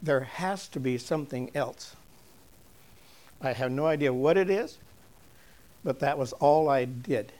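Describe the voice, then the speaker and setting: An older man with a medium-pitched voice delivers a chatty object lesson to his congregation through storytelling. Frequent chuckles punctuate it, and his earnest moments come out soft and slow.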